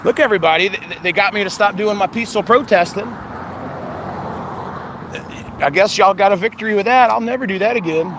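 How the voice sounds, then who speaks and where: Filming himself on a phone, a male vlogger rambles earnestly to viewers in a casual monologue on windy cemetery grounds. His voice is high-pitched and quick, and the outdoor recording is noisy with wind.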